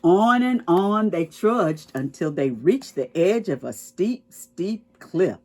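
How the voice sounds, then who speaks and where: A woman reads a picture book to preschoolers, taking her time and pausing to explain. Her voice sits fairly low but swings widely up and down as she tells the story. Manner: expressive, slow and explaining to children. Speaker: children's storytime reader.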